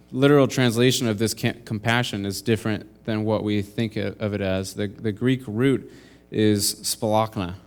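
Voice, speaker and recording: Young man preaching in a flat, low voice. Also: smooth. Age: young adult. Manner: earnest, explains verses step by step. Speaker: intern preacher. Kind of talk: sermon with scripture reading. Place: church.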